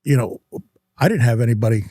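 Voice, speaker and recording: A middle-aged man, a guest in an interview, telling stories in a halting way that often restarts and repeats words. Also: mid-range voice, mellow, no echo, clean studio sound. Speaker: guest, real estate investor. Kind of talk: conversational storytelling.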